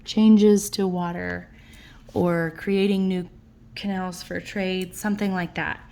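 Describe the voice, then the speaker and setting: A woman teacher, tired late at night, slowly and patiently walking students through their notes in a recorded lesson. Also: on the low side, level tone, creaky, mellow. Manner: slow, patient explaining.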